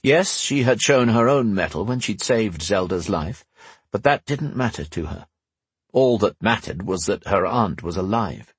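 A man narrating a fantasy audiobook in a measured storytelling manner, slowing for dramatic moments. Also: fairly low pitch, animated, breathy edge, no echo.

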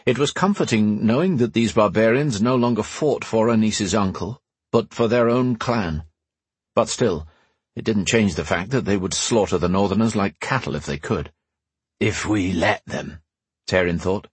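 Husky male audiobook narrator. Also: lowish voice, dry recording. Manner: steady, measured storytelling. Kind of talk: scripted fantasy narration.

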